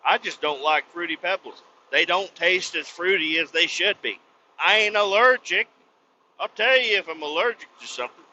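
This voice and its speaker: Bright-voiced swearing man on a rant. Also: on the high side, expressive, fairly quick, few pauses, a little hiss or hum. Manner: blunt, swearing, loud outbursts. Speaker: podcast host. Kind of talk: profane comic rant. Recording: slightly dull lo-fi recording.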